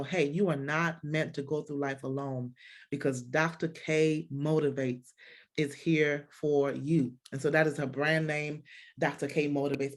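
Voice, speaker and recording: A woman hosting a faith-based podcast interview, effusive and full of restarts. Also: deep voice. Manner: warm, effusive, with frequent restarts. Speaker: podcast host.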